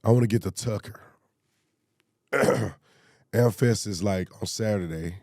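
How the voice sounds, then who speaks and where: A man with a dark, low voice delivers heated commentary, hammering points with repeated rhetorical questions. His voice sounds strained and worn. The recording is close and dry. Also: a little slow, no room sound. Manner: emphatic, repetitive, rhetorical questions. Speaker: commentary show host. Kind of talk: opinionated political commentary.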